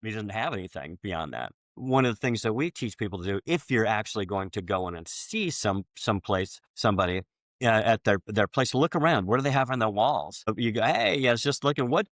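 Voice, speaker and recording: A man hosting a podcast, chatting casually and acting out both sides of sales conversations, with many halting restarts. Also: fairly low pitch, lively intonation, fairly bright tone, dry recording, studio quality. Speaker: podcast host.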